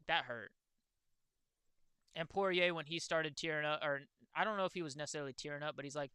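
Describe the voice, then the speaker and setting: Excitable young man, bright and crisp. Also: fairly high pitch, fast, no room sound. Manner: excitable, swears freely, talks to chat. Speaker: streamer. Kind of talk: casual livestream chat.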